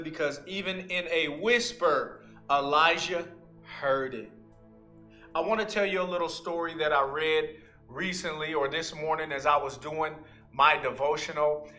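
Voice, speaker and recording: High bright-voiced pastor guy, slow earnest sermon storytelling. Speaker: associate pastor.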